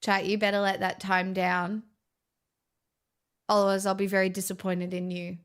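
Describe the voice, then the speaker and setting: A woman's voice: medium pitch, flat delivery, moderate pace, clear, resonant tone. A woman streamer chatting live with her viewers in a dry, teasing way.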